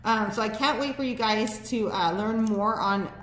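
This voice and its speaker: A woman's voice: fairly high pitch, normal speed, a bit bright. A woman hosting a casual local talk show from a studio, chatty and bubbly, laughing often, with a slight lisp from dental aligners.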